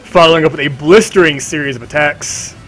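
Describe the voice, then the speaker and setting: A man's voice: on the high side, a little fast, a bit bright, faint music behind. A man running a tabletop game on a live stream, narrating in a casual, vivid way full of fillers.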